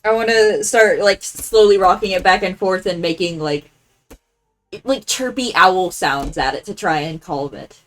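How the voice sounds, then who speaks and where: A woman's voice: fairly low pitch, measured pace, a bit bright, soft background music. A woman player in a tabletop game, earnest and protective. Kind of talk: casual game chat.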